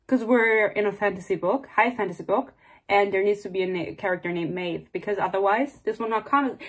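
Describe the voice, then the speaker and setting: A woman giving a casual, sarcastic book review rant, swearing freely and acting out the characters' lines in quick bits. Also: medium pitch.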